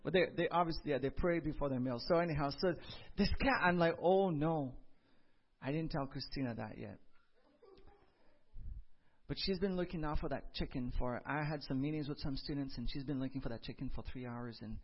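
A man's voice: mid-range voice, fairly quick, highs cut off. A man preaching a sermon, telling a personal story with comic asides and building to emphatic preaching. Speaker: pastor.

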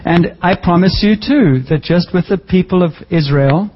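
A man preaching a sermon as a pastor, lively and joking, with sudden jumps in pitch for emphasis. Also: normal speed, breathy edge, dull audio.

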